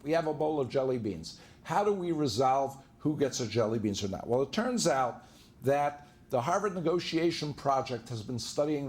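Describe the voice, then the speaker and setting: Speaking in a mid-range voice with a darkish tone, a male divorce lawyer addresses a live seminar audience. He keeps things conversational, leans on anecdotes, and performs the dialogue he quotes.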